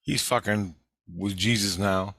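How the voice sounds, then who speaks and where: A man's voice: lowish voice, a little slow, a bit bright, no echo. A man giving a rambling, profane spiritual video update in an agitated way. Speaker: vlogger.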